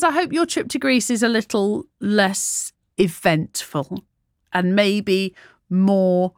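A woman's voice: medium pitch, no echo, clean studio sound. Chatty woman on breakfast radio. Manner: chatty and rambling, laughs through her own stories. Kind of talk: casual live radio chat. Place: radio studio. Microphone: studio microphone.

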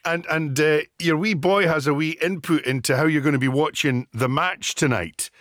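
A man's voice: a little high, moderate pace, a bit bright, no room sound, studio quality. A man with a Scottish accent presenting a live radio show, chatting playfully with his co-host and guests. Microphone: studio microphone with headphones.

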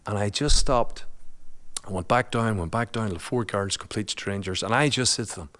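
A man's voice: lowish voice, normal speed, a bit bright. A man, a guest and father, telling a personal story in a chatty, colloquial way, laughing often.

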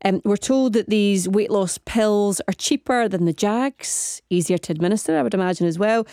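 Scottish lady on the radio, bit breathless, chatty and quick, dry studio sound. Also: medium pitch, mellow, clean tone, no echo. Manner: chatty, rapid, asks listeners lots of questions. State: slightly out of breath. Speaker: radio phone-in host. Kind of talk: live radio chat.

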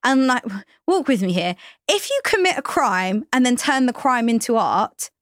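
A woman co-hosting a podcast, chatty and curious, pushing with questions and laughing easily. Her pitch swings widely and sits fairly high, with a dry, close recording. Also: animated, moderate pace, dry recording. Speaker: podcast co-host. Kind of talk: podcast discussion.

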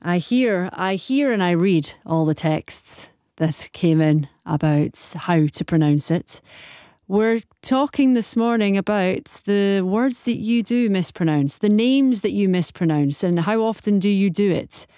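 A woman's voice: mid-range voice, expressive, unhurried, mellow, no echo, studio quality. A woman hosting a live radio phone-in, chatting easily and laughing along with callers.

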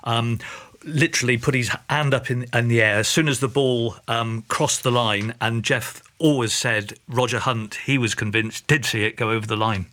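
An older former sports presenter, telling stories as a radio guest with many ums and restarts. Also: male voice, mid-range voice, steady tone, moderate pace, sharp tone. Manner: enthusiastic storyteller with frequent ums and restarts.

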